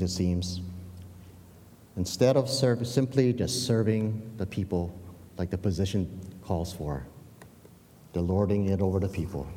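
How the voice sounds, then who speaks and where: A man's voice: fairly low pitch, warm tone, long reverb tail, slight background noise. A man preaching a sermon in a conversational way, often restarting words and checking in with "yeah?". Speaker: pastor.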